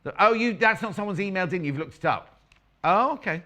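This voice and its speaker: Lively, bright-voiced woman presenter. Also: mid-range voice, a little fast. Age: middle-aged. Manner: chatty, banters with crew and viewers. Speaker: quilting expert presenter. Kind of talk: live TV sewing demonstration.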